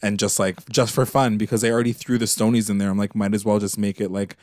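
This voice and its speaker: A man's voice: fairly low pitch, level tone, fast talker, darkish tone, no echo, clean studio sound. A man casually recapping a show with a co-host, rambling with lots of fillers and swearing. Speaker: podcast co-host.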